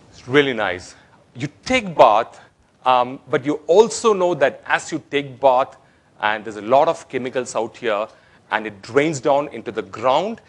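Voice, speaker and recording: A man giving a playful, interactive conference talk, telling jokes and engaging the audience. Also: medium pitch. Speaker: conference speaker. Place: conference hall.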